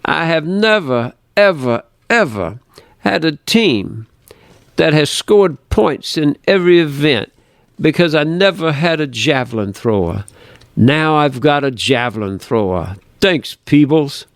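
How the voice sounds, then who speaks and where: A man's voice: on the high side, expressive, a little slow, no room sound, clean studio sound, voice pushed up. A man voicing a blunt, emphatic older track coach with a Brooklyn accent. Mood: proud, emphatic.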